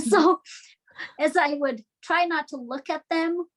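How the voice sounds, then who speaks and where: A woman's voice: sits high, takes it slowly, poor audio. A woman in her thirties from Nepal, whose first language is Nepali, telling her story as an interview guest in a chatty way, laughing often and acting out quotes. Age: 30s. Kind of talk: casual conversational storytelling.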